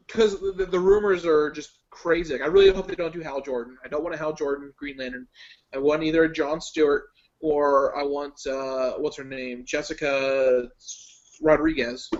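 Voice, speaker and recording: Opinionated fanboy man, fairly high voice. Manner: opinionated, rambling, lots of ums and likes. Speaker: guest. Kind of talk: casual chat. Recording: lo-fi online call audio.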